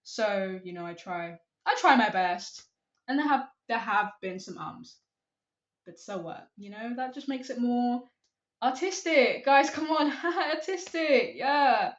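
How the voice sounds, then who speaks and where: A woman's voice: mid-range voice, lively intonation, a little slow, roomy sound, dull audio. A young woman talking to her camera in a casual, rambling, self-deprecating way, giving advice. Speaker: vlogger.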